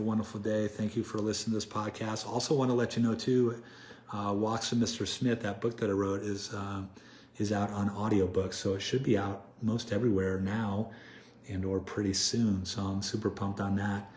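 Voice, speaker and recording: Low, flat-voiced man in an echoey room. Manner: repetitive, restarting phrases, encouraging. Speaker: podcast host. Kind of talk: motivational podcast monologue. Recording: echoey room with faint ambient noise.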